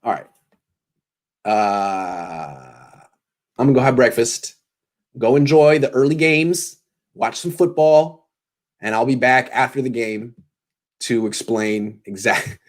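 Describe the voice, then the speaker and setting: A man's voice: medium pitch, lively intonation, takes it slowly, pauses often. A tired man hosting a pregame sports show, talking casually with jokes and self-deprecating tangents. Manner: joking, self-deprecating, meandering.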